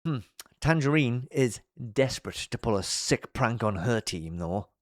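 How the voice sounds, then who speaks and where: A man's voice: medium pitch, moderate pace. A man riffing his way through a cartoon recap, bouncy sing-song delivery that swoops up and down and makes fun of himself as he goes. he's close to the mic in a dead, dry room with no echo at all. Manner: jokey, animated, self-mocking. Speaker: video commentator. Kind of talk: playful commentary.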